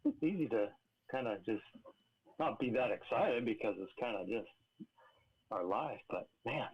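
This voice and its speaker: A man joining a casual livestream chat as a guest, relaxed and easygoing. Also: medium pitch, normal speed, breathy edge. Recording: dull lo-fi remote audio.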